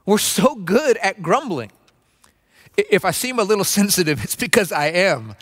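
A pastor delivering a sermon in an earnest, preacherly way, acting out grumbling voices. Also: male voice, sits high, big pitch swings, normal speed, a bit bright. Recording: long reverb of a large room.

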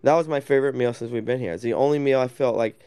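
A man's voice: medium pitch, quick pace, clean tone, dry recording. A young man telling stories in casual chat, profane and laughing often. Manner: laughing, profane, animated storytelling.

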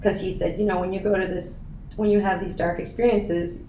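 A woman's voice: medium pitch, little pitch movement, a little fast, a crowd in the background. A woman in her thirties, a podcast guest telling her story in an earnest, emotional way, laughing at times. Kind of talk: casual interview chat. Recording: echoey room, faint noise.

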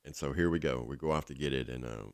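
A man's voice: very deep voice, quick pace, smooth, dry recording, studio quality. A man telling his own story in a rambling, casual way, full of fillers. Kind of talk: personal storytelling.

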